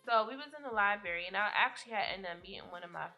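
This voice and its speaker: A woman's voice: mid-range voice, very fast, highs cut off, faint music behind. A young woman vlogger telling a rambling story time in a casual, profane way, often laughing.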